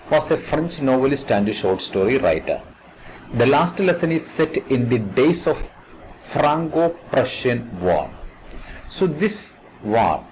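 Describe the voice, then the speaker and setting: A man's voice: mid-range voice, slight background noise, rough recording. A man with an Indian English accent, teaching an English lesson to students and repeating key words as he explains the text. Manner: slow, repetitive explanation, restating words several times.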